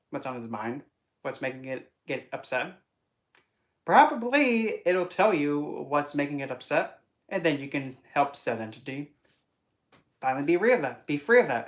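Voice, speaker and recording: A vlogger talking casually to camera in a chatty, rambling and playful way, often breaking into put-on voices. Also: medium pitch. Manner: playful, wordplay and asides. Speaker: spiritual vlogger.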